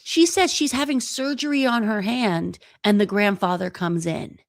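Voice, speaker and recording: Woman, from the Bay Area, podcast guest, casual chat, medium pitch, dry sound. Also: normal speed, dry recording. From San Francisco Bay Area. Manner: conversational, thinking aloud with restarts.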